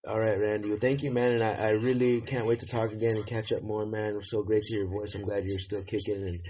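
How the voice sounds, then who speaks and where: A man's voice: fairly low pitch, level tone, fast, warm tone. A man hosting a podcast, chatting loosely and joking with a friend. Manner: loose, joking, affectionate banter with swearing. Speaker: podcast host. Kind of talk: casual chat.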